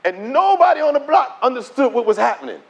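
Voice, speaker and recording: A middle-aged man giving his testimony as a preacher, telling the story in an animated way and acting out the dialogue. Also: very high voice, quick pace, gravelly, highs cut off. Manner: animated storytelling, acts out dialogue in quoted voices. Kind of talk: preached testimony to a conference audience.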